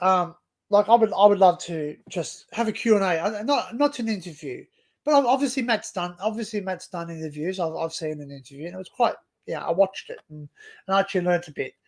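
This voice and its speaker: Chatting with his audience and a guest on a laid-back livestream, this young Australian host talks briskly in a notably high voice. His thoughts wander, full of repeated words and sentences he keeps restarting.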